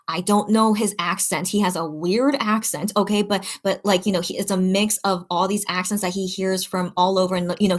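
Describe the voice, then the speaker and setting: A woman hosting a casual chat with her viewers, rambling and chatty, full of fillers and restarts. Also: medium pitch. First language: English. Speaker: channel host reading live chat.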